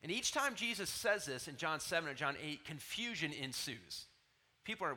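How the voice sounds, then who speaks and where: Bright, emphatic preaching man. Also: a little high, very animated, normal speed. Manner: emphatic preaching that drops to soft, tender asides. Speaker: pastor. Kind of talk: sermon.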